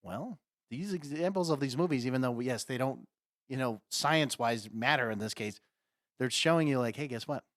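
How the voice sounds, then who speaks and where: A man talking loosely on a podcast, with a mid-pitched voice and lots of laughter and swearing. His voice comes across very dry and close, with no room sound around it. He rambles in a relaxed, casual way. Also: normal speed, no room sound. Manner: laughs often, swears freely, acts out silly voices. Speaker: podcast co-host. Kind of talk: casual chat.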